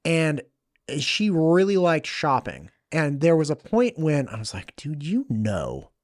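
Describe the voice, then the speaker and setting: A man's voice: a little high, a little slow, no echo, clean studio sound. A man in his thirties hosting a podcast, telling stories casually and animatedly and acting out the quotes. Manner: casual storyteller, animated, slangy, acts out quotes. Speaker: podcast host.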